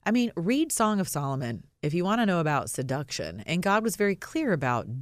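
Low-voiced woman hosting a frank chat. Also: brisk, hardly any pauses, dry recording. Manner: frank, animated, reads listener comments aloud. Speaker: podcast host. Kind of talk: casual chat.

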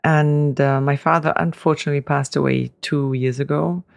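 Interview guest, middle-aged man, gravelly voice, dry close sound, rambling storyteller. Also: a little high, steady tone, moderate pace, no echo. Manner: rambling anecdotes with fillers, laughs easily. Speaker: guest, family business heir.

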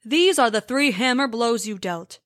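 A woman voicing a calm giant. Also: fairly high pitch, normal speed, dry recording, studio quality. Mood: explaining. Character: huge cheerful male giant.

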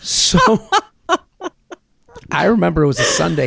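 Gravelly man telling comic stories. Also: on the high side, unhurried, no echo, clean studio sound. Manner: animated storytelling, swearing, acting out quotes. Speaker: podcast host. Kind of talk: casual comedic chat.

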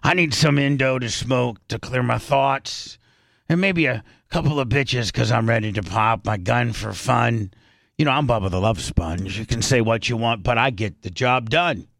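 A radio host with a mid-range, creaky, slightly bright voice rambles through casual studio talk at normal speed, restarting often and half-singing rap lyrics. There is no echo on the recording.

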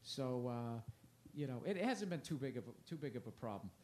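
A man's voice: medium pitch, lively intonation, moderate pace, darkish tone. A man in his forties, a comedian talking in a loose, rambling, self-mocking way with plenty of swearing. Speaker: comedian guest. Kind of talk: casual chat. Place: festival interview.

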